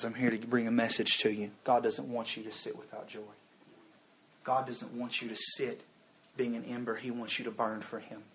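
A man's voice: medium pitch, a little hiss or hum. A young man preaching a fervent sermon at a youth revival service, calling his listeners "guys.". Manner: fervent, calls the crowd "guys".

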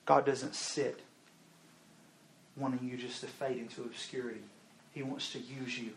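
A man's voice: medium pitch, little pitch movement, measured pace, gravelly, a little hiss or hum. A young man preaching a fervent sermon at a youth revival service, calling his listeners "guys.". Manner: fervent, calls the crowd "guys".

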